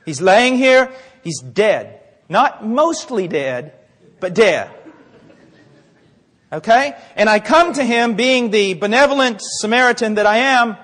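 High-voiced man preaching in a reverberant hall. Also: fairly bright tone. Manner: impassioned, rhetorical questions, dramatic pauses. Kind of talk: sermon.

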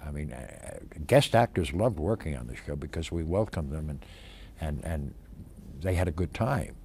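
Deep-voiced older man recalling his acting career. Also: creaky, breathy edge. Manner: halting, many fillers and restarts, animated when stressing points. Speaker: actor interviewee. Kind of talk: reflective interview reminiscence.

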